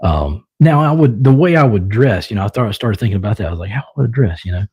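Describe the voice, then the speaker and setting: A man's voice: fairly low pitch, expressive, quick pace, dark tone, slightly rough, muffled recording. A young man with a Southern US accent, chatting loosely with viewers on his own live stream, rambling with lots of fillers. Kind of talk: casual live stream chat.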